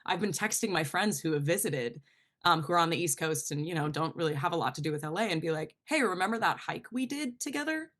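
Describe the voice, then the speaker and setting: A young woman from New Jersey, a climate educator speaking earnestly in an interview, lively when quoting others. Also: sits low, fast. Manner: earnest, animated storytelling with quoted asides. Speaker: guest, climate educator and show host. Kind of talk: conversational interview.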